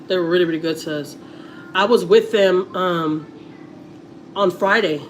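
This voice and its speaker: A woman's voice: fairly low pitch, moderate pace, a little hiss or hum. A middle-aged woman with a Texas accent chatting casually to viewers on a family livestream, repeating words and using many fillers.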